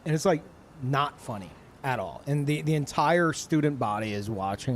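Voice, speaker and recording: A man streaming live in casual chat, ranting in an animated and profane way. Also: mid-range voice, normal speed, soft background music.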